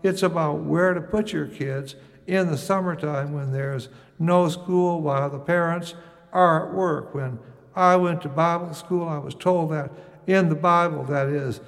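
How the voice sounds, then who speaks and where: A man's voice: a little high, gravelly, big-room sound. An older man from the United States telling a wry, musing first-person story.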